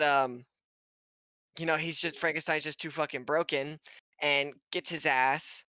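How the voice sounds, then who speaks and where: A bright, forward-sounding man talking through a plot recap on a podcast stream, swearing freely and laughing as he goes. His voice is dry and close, with no room sound. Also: a little high, smooth, no room sound. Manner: swearing, laughing, acting out characters in quick voices. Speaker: podcast co-host recapping an episode. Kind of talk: casual chat, recap. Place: home setup on a stream.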